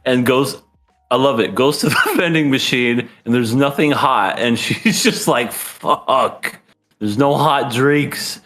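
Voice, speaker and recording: A man co-hosting a podcast in casual chat, animated and laughing often as he acts out scenes. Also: medium pitch, measured pace. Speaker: podcast co-host.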